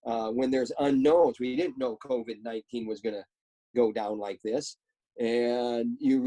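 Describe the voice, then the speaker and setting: A man's voice: mid-range voice, dark tone, rough recording. Earnest man giving coaching advice. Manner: earnest, coaching tone with short imperatives. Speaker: wrestling coach. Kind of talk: motivational advice.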